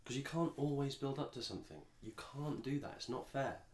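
A man's voice: mid-range voice, brisk, a little mellow, echoey room. An English man co-hosting a podcast, chatting casually and rambling with frequent restarts. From England. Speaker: podcast co-host. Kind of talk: casual chat.

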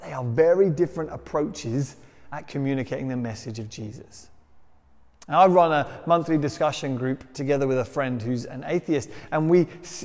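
Male preacher, fairly high voice, chatty self-deprecating sermon delivery, long hall echo. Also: a little mellow. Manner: conversational, self-deprecating storytelling.

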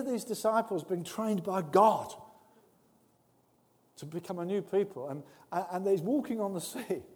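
A man preaching a sermon with earnest warmth, dropping to soft, intimate tones and rising to loud, emphatic bursts. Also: sits high, expressive, normal speed. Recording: long reverb of a large hall.

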